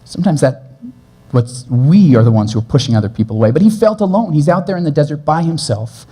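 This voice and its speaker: A male pastor delivering a sermon in a church, his voice mellow and a touch higher than most men's. He speaks earnestly, sometimes hurrying through a point and then slowing right down to land a gentle line. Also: husky. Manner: earnest, shifts between brisk and slow gentle delivery.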